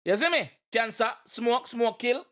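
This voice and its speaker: A man with a Jamaican accent giving casual, animated reaction commentary, exclaiming and explaining lyrics. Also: very high voice, unhurried. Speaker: reaction video host.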